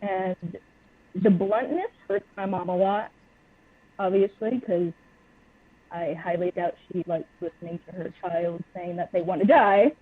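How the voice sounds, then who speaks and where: A woman's voice: fairly low pitch, fairly even intonation, measured pace, husky. A young woman speaking bluntly and openly as a guest on a personal interview podcast. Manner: blunt and open. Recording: tinny phone-line audio.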